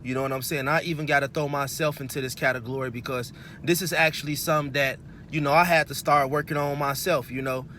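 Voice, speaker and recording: A man's voice: medium pitch, steady tone, fast talker, hardly any pauses, pushed and bright, a little hiss or hum. A young man, giving a casual, preachy monologue to his viewers, full of "you know" fillers. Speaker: host.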